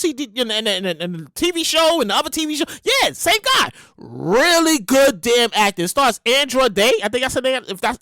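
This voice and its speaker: A woman hosting a podcast in a casual comedic monologue, animated and emphatic, full of slang and swearing. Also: sits high, dry recording. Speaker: podcast host.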